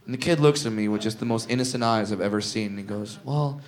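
A man doing a stand-up routine, ranting and shouting profane punchlines on a club stage. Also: lowish voice, fast talker. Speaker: stand-up comedian. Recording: live noisy comedy club.

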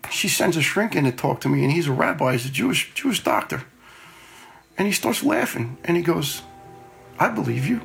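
Middle-aged male storyteller, gravelly and plain-spoken, earnest, sometimes repeats himself. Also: on the high side, sing-song, brisk, a bit bright, faint music behind. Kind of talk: personal storytelling.

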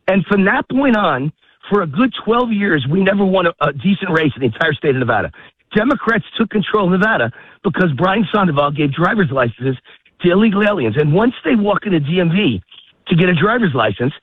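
A man's voice: sits high, breathy edge, no room sound. Breathless man on a tinny phone line. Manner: emphatic, rapid-fire and repetitive. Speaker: call-in guest. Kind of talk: heated political phone interview. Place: outdoors walking a dog in a park.

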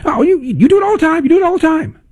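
A man's voice: big pitch swings, rapid-fire, a little mellow. A man putting on the voice of a flustered male critic who stammers and repeats himself. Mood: accusing, flustered. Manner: sputtering, repeats words, high whiny pitch.

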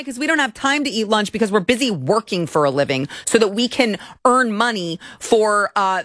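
A woman's voice: mid-range voice, fairly bright tone, no room sound, clean studio sound. A woman hosting an opinion show, talking with sarcasm and indignation, sometimes mocking people in put-on voices. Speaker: commentary show host. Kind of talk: opinionated political commentary.

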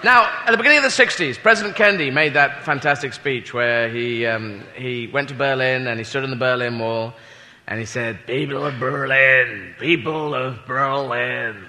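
A man's voice: mid-range voice, a little fast, pushed and bright. A male stand-up comedian telling a rambling, self-mocking story with sweary asides. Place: comedy club with audience. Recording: live club recording with long reverb and crowd noise.

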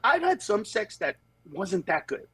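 Animated, high-voiced comedian telling stories. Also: male voice, a little slow, noisy background. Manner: animated storyteller who acts out other people's voices. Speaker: stand-up comedian. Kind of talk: casual podcast conversation.

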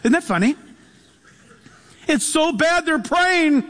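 A middle-aged man preaching a sermon as pastor, animated and dramatic, acting out the voices of people in his stories. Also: very high voice, in a large hall.

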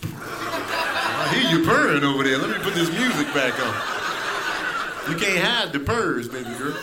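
A man with a high, bright speaking voice works through a stand-up set in a loose, animated way. He laughs often and keeps his delivery playful. A noisy live room sits behind him throughout. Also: measured pace. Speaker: stand-up comedian.

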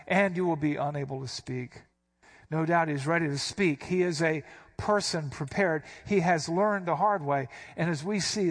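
A man preaching an expository sermon, explaining a passage in a teacherly, emphatic way and punching out key words. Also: a little high. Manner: emphatic, stresses quoted words with sudden rises. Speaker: pastor.

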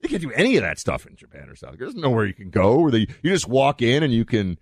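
A man's voice: mid-range voice, wildly swooping pitch, fast, gravelly, darkish tone, dry recording, clean studio sound. A man hosting a talk show, chatting in a rambling, casual way with many restarts and fillers.

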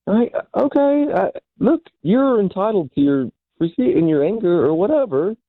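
A man calls in to a radio show and calmly questions the host in a casual way. His voice is a touch high. It comes through a dry, tinny phone line. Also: moderate pace, no room sound. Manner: calm, questioning, casual with many likes. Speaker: caller.

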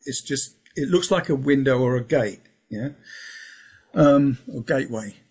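A man's voice: medium pitch, a little slow, darkish tone, slightly rough. A man talking casually as an interview guest, rambling, restarting his sentences and filling with um and yeah. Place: lives in England.

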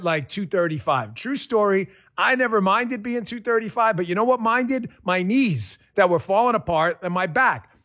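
A man's voice: on the high side, a bit bright, no room sound, studio quality. Folksy man reading a radio ad. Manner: folksy, emphatic. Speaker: product endorser. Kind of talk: spoken radio ad read.

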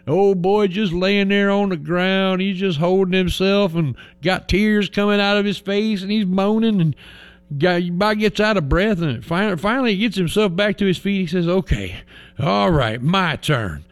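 Male host, high voice, chatty folksy storyteller with loud exclamations. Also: steady tone, moderate pace, clean tone. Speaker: radio host. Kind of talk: folksy joke-telling.

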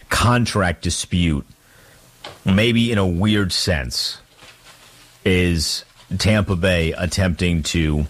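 A man co-hosting sports talk radio in a relaxed, joking way. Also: low voice, a little hiss or hum.

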